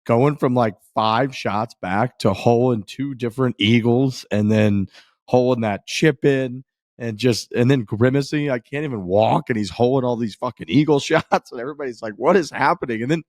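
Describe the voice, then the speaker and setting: A man's voice: mid-range voice, normal speed, a little mellow, no echo, clean studio sound. A young man co-hosting a golf podcast, rambling enthusiastically in casual chat, laughing and swearing. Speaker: podcast co-host.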